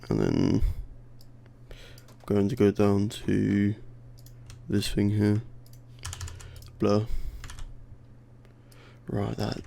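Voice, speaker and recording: A young man with a slight lisp talks through a screen-recorded tutorial, mumbling and putting himself down as he works it out aloud. His low voice is very gravelly and sounds worn out. Keyboard clicks and typing sit behind him. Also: monotone, drawn-out words, long pauses, dark tone, a little hiss or hum. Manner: mumbling, self-deprecating, thinking aloud. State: tired, worn voice. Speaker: tutorial host.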